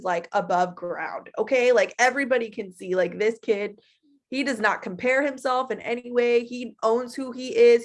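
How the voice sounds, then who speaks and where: A woman in her twenties giving a casual, animated motivational talk to her team, chatty and full of feeling. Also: fairly high pitch. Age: 20s. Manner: animated and chatty, acting out her own past voice.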